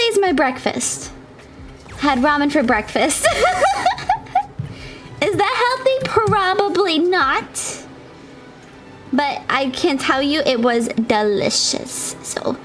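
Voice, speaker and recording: A woman's voice: high-pitched, fairly bright tone. A woman game streamer chatting casually with her viewers, bubbly and chatty, laughing often.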